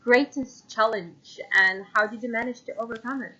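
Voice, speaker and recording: A woman interviewer with a high, bright voice and a breathy edge laughs readily and nudges her guest along. She sits a little off-mic, and the sound is dull and lo-fi. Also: moderate pace. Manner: giggly, encouraging. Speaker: interview host. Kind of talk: casual interview.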